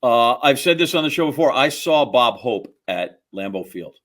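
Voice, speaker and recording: A man hosting an interview, relaxed and asking quick-fire questions. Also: medium pitch. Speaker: host. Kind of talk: casual interview chat.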